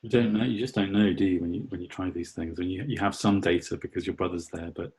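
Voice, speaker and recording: Deep, very husky, gravelly male host. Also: fairly even intonation, quick pace. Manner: thoughtful, empathetic, many soft murmured agreements. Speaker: podcast host. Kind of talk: conversational podcast interview.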